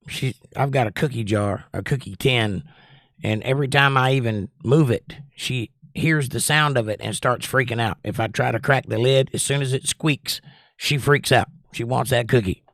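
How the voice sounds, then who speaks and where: Clean studio sound with no echo carries a man's medium-pitched, somewhat bright voice. Hosting a laid-back livestream, he reads viewer comments aloud and rambles chattily between them.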